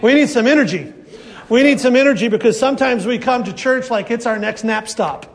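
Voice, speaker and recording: A man preaching a sermon at a church service, lively and acting out the voices of his congregation. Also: extremely high pitch, a little fast, some chatter behind. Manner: animated, acts out congregation voices. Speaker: pastor.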